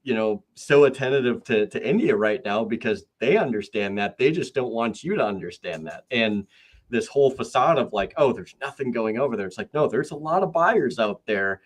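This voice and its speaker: A man's voice: mid-range voice, expressive, normal speed. A man hosting a podcast, talking casually and rambling with many fillers and restarts. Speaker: podcast host.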